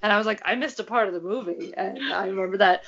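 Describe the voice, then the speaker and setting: A woman's voice: mid-range voice, fast, vocal fry, fairly bright tone. A woman telling a story in casual chat, giggling and acting out quotes. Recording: dull lo-fi audio.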